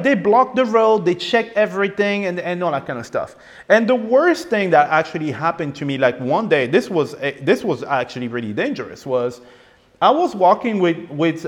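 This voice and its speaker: A young man from France tells a personal story on his podcast, often repeating words and acting out what others said to him. His voice sits slightly high and rises and falls in lively swings. The recording carries a long, hall-like reverb. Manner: animated, repeats words, acts out quoted lines. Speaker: podcast host.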